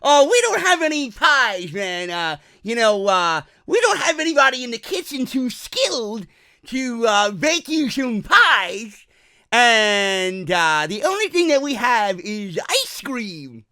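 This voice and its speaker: A man's voice: extremely high pitch, big pitch swings, slow pace, sharp tone, no room sound, clean studio sound, full character voice. A man putting on the voice of a dim, laid-back male buffet employee who stammers and hesitates. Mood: drawling.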